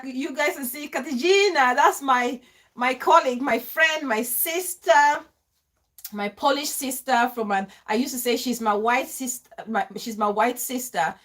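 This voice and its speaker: A woman hosting a live stream, warmly greeting viewers by name and talking into her phone. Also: sits high, a little slow. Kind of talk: live stream chat reading comments.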